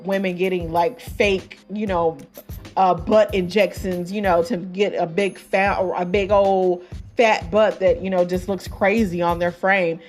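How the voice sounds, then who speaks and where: Chatty woman podcaster with a loose, rambling delivery. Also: mid-range voice. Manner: chatty, many fillers and asides, laughs at her own jokes. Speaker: podcast host. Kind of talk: casual album review chat.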